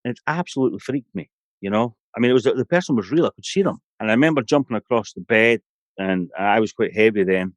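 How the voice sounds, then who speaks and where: A man's voice: fairly low pitch, expressive, fast, dry recording. A middle-aged Scottish man, a guest on a podcast, telling a long personal story in a rambling, anecdotal way full of "you know". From Scotland.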